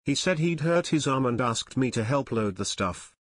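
A man's voice: mid-range voice, lively intonation, normal speed, no room sound, clean studio sound, lightly acted. A man voicing Ken, a shy, earnest teenage boy who sounds a little hesitant.

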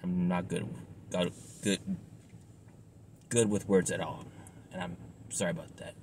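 A man's voice: low-pitched, fairly even intonation, a little slow, darkish tone, a little hiss or hum. A man reviewing a cigar in a casual vlog, rambling and apologetic, with lots of fillers and restarts, sounding tired and stressed.

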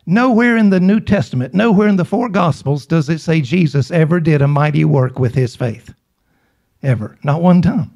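Middle-aged male preacher, slightly high voice, emphatic and repetitive sermon delivery. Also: darkish tone. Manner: emphatic, repeats and asks the congregation questions.

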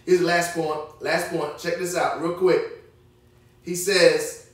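A man's voice: a little high, little pitch movement, takes it slowly. A man preaching an emphatic, repetitive Bible study to his congregation, calling on them to answer back. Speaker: pastor teaching a midweek Bible study. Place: church sanctuary. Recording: echoey church hall, mic at a distance.

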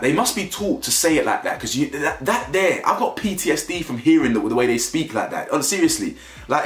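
Male commentator, animated and rambling, roomy room with music under. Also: on the high side, a little fast, hardly any pauses. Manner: animated, rambling, repeats himself. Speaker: commentary YouTuber. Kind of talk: casual opinion commentary.

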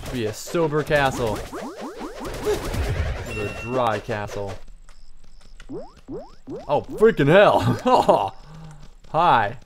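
A man giving lively let's-play commentary, taunting game enemies and joking as he fights. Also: mid-range voice, extremely slow, pauses often, over music. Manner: excitable, taunting enemies aloud. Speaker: gaming channel host.

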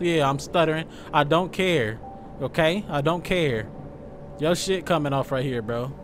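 A young man giving joking, loud let's-play commentary, full of slang as he reacts to the game. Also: on the high side, measured pace, a little hiss or hum. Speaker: gaming streamer.

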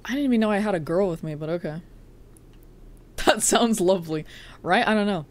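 A woman's voice: mid-range voice, moderate pace, a little hiss or hum. A woman streaming a game live, chatting casually with viewers, greeting them by name and teasing them with frequent laughs. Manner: playful teasing. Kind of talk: casual live-stream chat while gaming.

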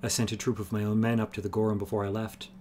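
A man's voice: fairly low pitch, little pitch movement, quick pace, darkish tone, natural voice. A man reading a fierce curt clan chief. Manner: curt, blunt. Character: fierce hawk-like male horse-clan chief.

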